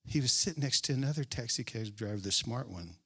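A male pastor preaching a sermon, repeating key phrases with emphasis, drawing them out and now and then dropping to a hushed aside. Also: medium pitch, lively intonation, a little fast, breathy edge.

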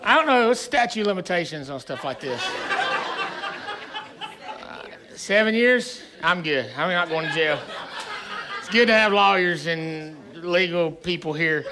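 A male pastor preaching to his congregation, telling a funny story in an animated, self-deprecating way with frequent chuckles. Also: sits high, a little slow, pauses often, a crowd in the background, noisy background. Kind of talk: sermon with humorous storytelling. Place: church sanctuary before a live congregation.

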